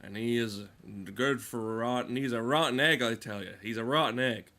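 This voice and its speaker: A man's voice: mid-range voice, moderate pace, pushed and bright. A man voicing a gossiping rustic old villager who scolds a local idler in a folksy, scolding drawl. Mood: scornful.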